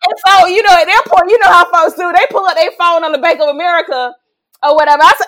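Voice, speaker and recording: A woman co-hosting a casual podcast chat, telling stories in an expressive, playful and dramatic way. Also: very high-pitched, fast. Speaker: podcast co-host.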